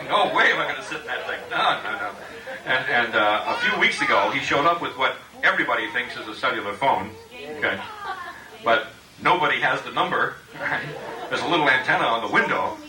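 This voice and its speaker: Man roasting a friend at a party. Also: medium pitch. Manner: joking, halting with many uhs, laughing at his own jokes. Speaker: party guest giving a roast speech. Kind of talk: comic roast speech to a party crowd. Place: party room with guests. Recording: echoey room, distant mic, background noise.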